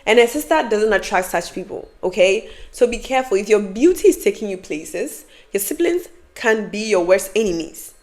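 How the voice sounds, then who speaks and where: A young adult woman vlogger giving advice and telling a storytime in an animated, emphatic way with lots of repetition. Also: medium pitch, normal speed, hardly any pauses.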